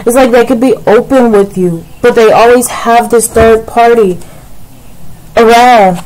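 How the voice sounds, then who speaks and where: Woman tarot reader, casual and rambling, slightly high voice, speaks directly to the viewer. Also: unhurried, darkish tone, poor audio. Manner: rambling, repeats "like" and "it's like", addresses viewer directly. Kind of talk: casual tarot reading to camera.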